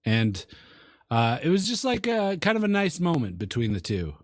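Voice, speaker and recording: A man co-hosting a movie review podcast, retelling film scenes in a halting way with lots of ums and uhs. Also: mid-range voice, wildly swooping pitch, no room sound, clean studio sound. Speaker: podcast co-host. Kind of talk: casual movie review chat.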